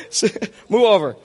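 Animated high-voiced male pastor preaching. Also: long reverb tail. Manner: playful, jokes with a volunteer on stage. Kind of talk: sermon. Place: church.

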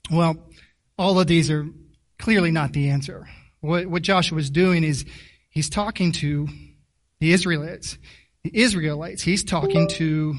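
This is a sermon from a man with a fairly high pitch, picked up by a distant mic. He speaks haltingly and conversationally, repeating words frequently and quizzing the congregation as he goes.

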